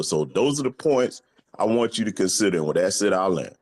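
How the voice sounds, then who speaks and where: A man's voice: sits low, expressive, fairly quick, a little mellow. A man laying out an argument point by point on a discussion panel, in a rhetorical manner. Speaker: panel speaker.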